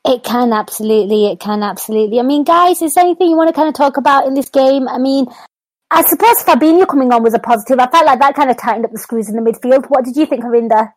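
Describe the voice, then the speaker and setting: A woman's voice: high-pitched, quick pace, no echo, low-quality recording. A woman hosting a football call-in podcast, chatting casually, laughing easily and swearing. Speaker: podcast host.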